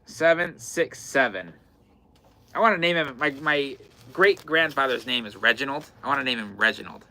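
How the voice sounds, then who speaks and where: A man hosts a live-stream sale from an indoor fabric shop. His voice is bright and forward, and his talk is loose and chatty as he keeps calling out item numbers. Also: medium pitch, normal speed. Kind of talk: live-stream sales chat.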